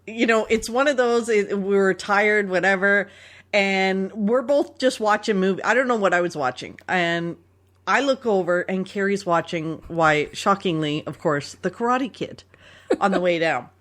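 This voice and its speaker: A Canadian woman hosts a podcast, spinning stories in a relaxed, lively style and laughing frequently. Her pitch sits in the middle and her pace is moderate, giving the chat a casual storytelling feel.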